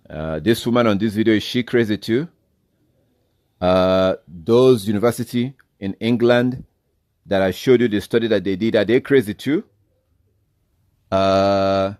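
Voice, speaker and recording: A man's voice: deep voice, darkish tone, no echo, clean studio sound. A man giving an informal sermon as a bible teacher, blunt and exhorting, often repeating himself.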